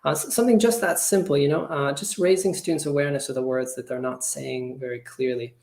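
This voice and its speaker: A man who trains teachers, giving an online webinar presentation in a relaxed, conversational way with a lot of hedging. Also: a little high, quick pace, gravelly. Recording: roomy echo.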